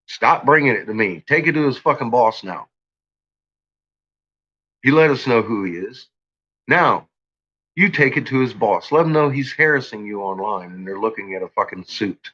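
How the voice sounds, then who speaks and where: A man in a heated, profane rant aimed at his viewers, tripping over his own restarts as he pushes on. His pitch sits in an ordinary middle range. The recording sounds dull and lo-fi. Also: big pitch swings, normal speed, long pauses, a bit bright. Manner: agitated, profane, stumbling restarts. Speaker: vlogger.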